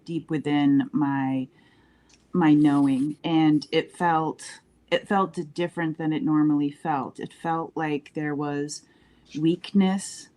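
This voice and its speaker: Slow low-voiced woman, hesitant. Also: a little mellow. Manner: searching, hesitant, many pauses and fillers. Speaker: participant giving an intuitive reading. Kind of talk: casual intuitive reading on a live stream.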